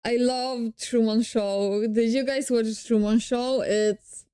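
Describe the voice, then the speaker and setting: Young woman, streamer, amused, chatty, slow, high-pitched. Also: fairly even intonation, dark tone, smooth, dry recording. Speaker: streamer reacting to a video. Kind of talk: casual reaction chat.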